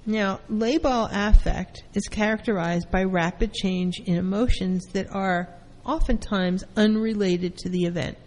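A woman therapist giving a calm lecture, explaining terms through everyday first-person examples. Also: medium pitch, unhurried, few pauses, big-room sound, rough recording. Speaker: therapist teaching.

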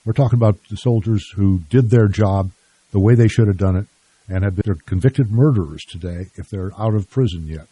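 An older man hosting a radio talk show and interviewing a guest in a measured, plain-spoken way. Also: lowish voice, warm tone, slightly rough, dry recording.

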